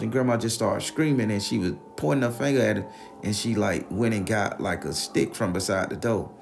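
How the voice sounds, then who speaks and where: Gravelly low-voiced male storyteller. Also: fairly quick, slight background noise. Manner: animated, slangy, acts out the voices. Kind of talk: profane storytelling monologue.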